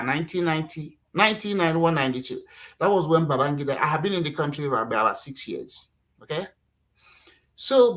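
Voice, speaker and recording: A middle-aged man from Nigeria, talking casually as a guest, animated and acting out quotes, with lots of "you know". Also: fairly high pitch, poor audio. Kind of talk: casual interview talk.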